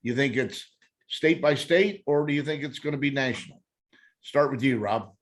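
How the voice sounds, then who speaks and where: A man hosting a podcast panel interview, asking questions in a relaxed, chatty way. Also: mid-range voice, moderate pace. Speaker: podcast host.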